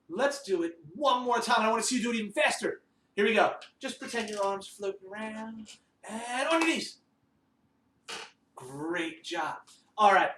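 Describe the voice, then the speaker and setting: A male music teacher leading a children's lesson, giving lively sing-song directions. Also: sits high. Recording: roomy echo, distant mic, faint noise.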